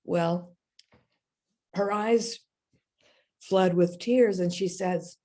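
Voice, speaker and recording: A woman minister giving a sermon, telling a story and then leading a slow, meditative prayer. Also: medium pitch, vocal fry, dark tone.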